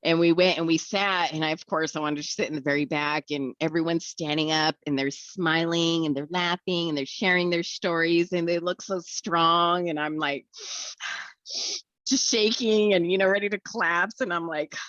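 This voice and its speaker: A woman's voice: low-pitched, steady tone, moderate pace, a bit bright, no room sound, dull audio. A young woman tells her recovery story in a candid way, acting out the voices of the people she quotes and often laughing.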